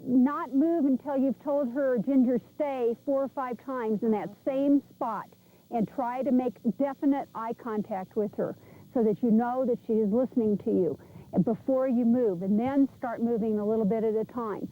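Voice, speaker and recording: A woman animal trainer coaches pet owners outdoors on an old VHS tape. Her voice sits high but mellow, and her instructions come chatty and direct. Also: moderate pace, poor audio.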